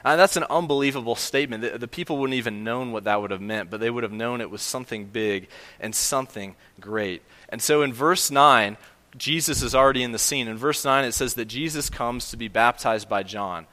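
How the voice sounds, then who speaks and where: A man's voice: medium pitch, brisk, sharp tone, big-room sound. A man preaching a sermon to a congregation, earnest and emphatic, with frequent fillers and restarts. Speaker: pastor.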